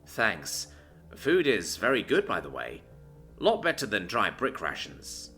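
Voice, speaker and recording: Guy doing a big gentle dude talking in broken english, bright tone. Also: on the low side, huge pitch swings, unhurried, soft background music, heavily acted. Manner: broken grammar, plain and kind. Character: gentle hulking human man with broken speech.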